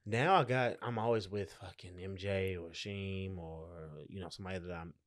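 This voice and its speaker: A man's voice: low voice, steady tone, moderate pace, no room sound, clean studio sound. A man who is a comedian, chatting casually on a podcast, joking, loose and swearing freely. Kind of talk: casual chat.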